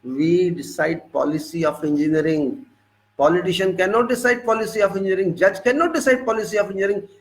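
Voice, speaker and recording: Emphatic Indian engineer lecturing. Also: male voice, high-pitched, quick pace, rough recording. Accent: Indian English. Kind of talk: lecture-style monologue.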